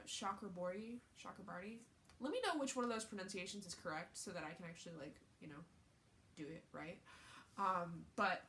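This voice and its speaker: A woman book vlogger chats casually in a medium-pitched, slightly bright voice, rambling along with plenty of fillers and restarts. There's a faint hiss or hum on the recording.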